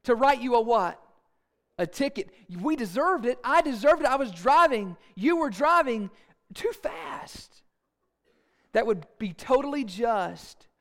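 A man preaching a sermon in an animated, playful storytelling way with asides. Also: very high voice, normal speed. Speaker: pastor.

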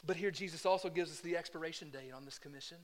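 A man preaching a sermon, swinging from hushed lows to loud exhortation and putting rhetorical questions to the congregation. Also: very fast. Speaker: pastor.

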